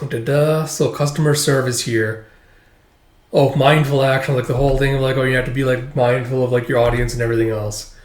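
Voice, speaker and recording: A man's voice: medium pitch, flat delivery, brisk. A man casually reading through and reacting to a manga chapter, chatty and enthusiastic, with lots of fillers. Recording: roomy echo.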